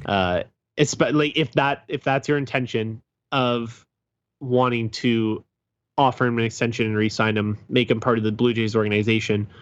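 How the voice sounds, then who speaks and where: A man talking sports in a rambling, halting way, full of fillers. His voice comes through muffled and lo-fi, dry and close. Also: medium pitch, steady tone, clear, resonant tone, no echo. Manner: rambling, hesitant with many fillers and restarts. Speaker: podcast co-host. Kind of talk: casual sports chat. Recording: dull lo-fi sound.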